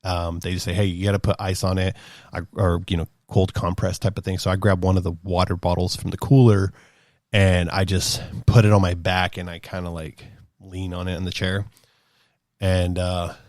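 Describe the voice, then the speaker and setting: A man in his thirties casually telling a rambling, animated story as a podcast host, acting out quotes in a higher voice. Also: normal speed, dry recording, clean studio sound. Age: 30s.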